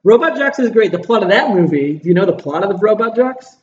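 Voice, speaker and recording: A man co-hosting a casual movie podcast, excitable and rambling, laughing often. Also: sits high, fairly quick. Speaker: podcast co-host. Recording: echoey distant lo-fi room mic with faint hiss.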